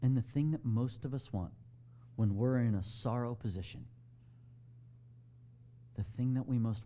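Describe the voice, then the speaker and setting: A man preaching a sermon, animated and emphatic, asking the congregation direct questions and dropping to a hush on key lines. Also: medium pitch, unhurried, long pauses. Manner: swings between loud emphasis and hushed softness. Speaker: pastor.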